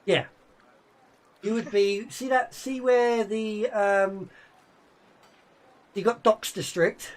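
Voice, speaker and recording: Slow, halting male game master. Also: sits high, steady tone. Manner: slow, halting descriptions with many fillers. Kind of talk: narrating a tabletop game.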